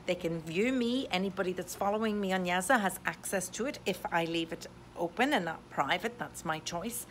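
A woman's voice: fairly low pitch, a bit bright, slight background noise. A woman realtor from Europe giving an upbeat video update from home on a desktop microphone, positive and full of "uh" fillers. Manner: enthusiastic and positive, with many "uh" fillers. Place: indoors at home. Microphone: USB desktop condenser microphone.

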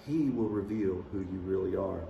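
Gravelly-voiced man preaching in a church. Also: sits low, normal speed, lo-fi sound. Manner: conversational preaching with dramatic voiced quotes. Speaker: pastor. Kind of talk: sermon. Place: large church sanctuary. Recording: echoey church hall from far off.

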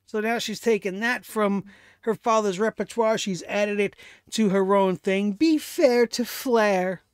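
A man's voice: high-pitched, level tone, unhurried, clean tone, dry recording, clean studio sound. A man hosting a wrestling review show, giving solo commentary in a sarcastic, exasperated rant that turns profane.

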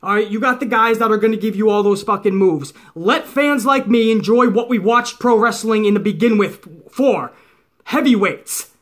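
A man's voice: sits high, a bit bright. A middle-aged man ranting heatedly as a wrestling commentator, profane and mocking.

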